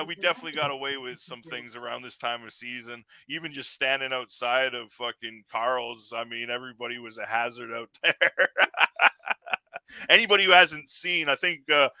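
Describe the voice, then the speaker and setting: Canadian male podcast host, very bright tone, dry close sound, profane and laughing, rambling storyteller. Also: medium pitch, no echo, poor audio. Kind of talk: casual podcast chat.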